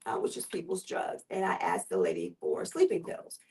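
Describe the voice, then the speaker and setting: Gravelly woman telling her story. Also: on the low side, very animated, mellow, recorded from a distance, rough recording. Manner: earnest, unhurried storytelling. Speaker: guest. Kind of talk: personal testimony in conversation.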